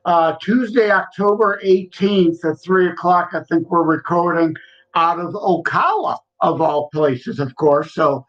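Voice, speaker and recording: A man guesting on a podcast, folksy and quick to laugh. His voice sits high and bright. It comes over a dull, lo-fi remote line. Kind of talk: casual chat.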